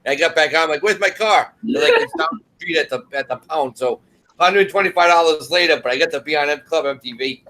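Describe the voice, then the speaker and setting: A man from the northeastern US chatting as a panelist, telling stories in an animated way. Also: a little high, fast talker. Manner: animated storyteller. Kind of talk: casual group chat.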